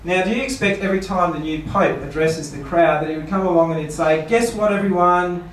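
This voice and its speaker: A man's voice: fairly high pitch, fast, a little hiss or hum. A man, a pastor giving a seminar talk, asking rhetorical questions and playfully mock-quoting people. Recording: echoey room, voice from far off.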